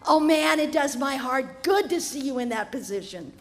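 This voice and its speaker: A woman's voice: high voice, lively intonation, normal speed. A woman voicing a fed-up male dog who mocks his master with sarcastic complaints. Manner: sarcastic, laughing, exasperated. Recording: live festival tent with long reverb.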